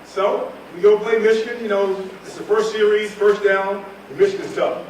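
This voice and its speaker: Brief: keynote speaker, man from North Carolina, animated storyteller in a roomy hall with faint background noise. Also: high voice, normal speed. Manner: animated, humorous, acts out scenes. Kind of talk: storytelling speech. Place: large hall at a reunion event. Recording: echoey hall, mic far off.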